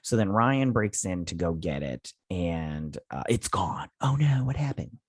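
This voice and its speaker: Rambling, exasperated low-voiced man reviewer. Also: big pitch swings, a little slow, husky, no room sound, clean studio sound. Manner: rambling, filler-heavy, exasperated. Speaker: TV review host. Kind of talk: casual episode recap and review.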